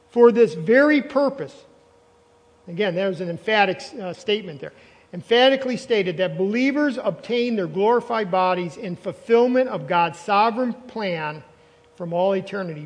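A male pastor preaching a sermon, emphatic, repeating phrases and quizzing the congregation. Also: sits high. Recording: long reverb of a large hall.

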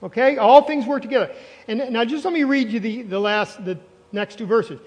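A man's voice: very high-pitched, normal speed, breathy edge. A male pastor preaching a sermon, emphatic, repeating phrases and quizzing the congregation. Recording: long reverb of a large hall.

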